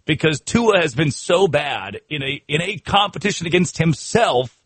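A man's voice: on the high side, lively intonation, moderate pace, a bit bright, husky, no room sound. A man hosting a sports radio show, riffing in comic talk with laughter and mock outrage.

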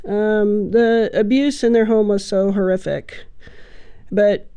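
Mellow, hesitant woman telling her story. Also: medium pitch, fairly even intonation, slow, smooth. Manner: hesitant, many ums, earnest. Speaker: guest, adoptive parent. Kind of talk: personal interview storytelling.

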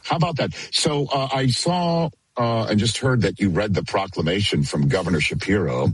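A man with a very low, husky voice, chatting as a guest over a video call. He talks in a relaxed, wry way and takes his time. The sound is dry and close. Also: normal speed, no room sound, rough recording. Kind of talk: casual chat.

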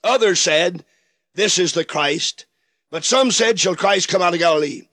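A high-pitched man preaches in a dry, close recording. He has an old-fashioned preacher's cadence and stretches out his emphatic phrases. He acts out the voices of the people in the passages he quotes. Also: normal speed, bright, forceful tone, no echo. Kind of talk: sermon.

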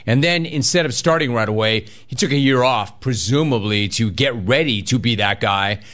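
A male sports radio host with an ordinary mid-range voice. He talks in a casual, animated way, mocking and riffing on listener emails. He leans on repeated phrases for comic emphasis. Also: medium pitch, moderate pace.

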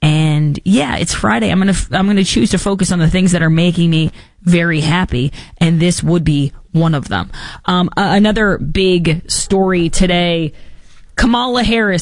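Woman host, political talk, low-ish voice, mocking and opinionated, dry close sound. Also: moderate pace, no echo. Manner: sarcastic, mocking asides and put-on quotes. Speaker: podcast host.

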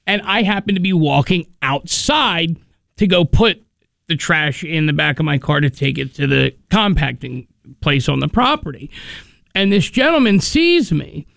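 A man with a high voice and a gravelly edge co-hosts a radio show, trading casual banter. He tells stories with animation, slipping into the voices of the people he quotes. The studio sound is close and dry. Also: no echo. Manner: animated storyteller, acts out quotes.

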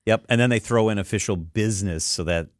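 Very deep-voiced woman host. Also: no room sound, studio quality. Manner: curious, asking quick questions. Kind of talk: casual on-air chat.

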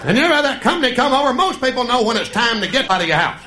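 A man's voice: very high voice, sing-song, racing, noisy background. A man in his thirties with a Southern US accent doing folksy live stand-up comedy. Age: 30s. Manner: folksy storytelling, drawling. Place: comedy stage before a live audience. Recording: echoey live stage with crowd laughter.

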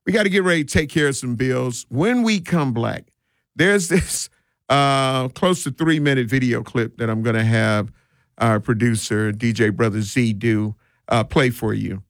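Gravelly, emphatic man hosting talk radio. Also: medium pitch, a little slow, a bit bright, no echo, studio quality. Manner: emphatic, preachy, repeats his points. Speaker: radio talk show host. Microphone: studio microphone.

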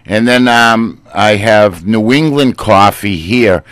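A man's voice: on the low side, takes it slowly, a bit bright, no echo. A man with a Boston accent hosting a casual radio chat from the studio, easygoing and bantering. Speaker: radio host.

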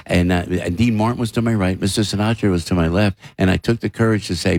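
A man's voice: low voice, fast talker, hardly any pauses, dry recording. A man, a comedian and radio host chatting as a guest, telling stories animatedly and slipping into impressions. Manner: animated storyteller, slips into impressions. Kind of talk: casual interview chat.

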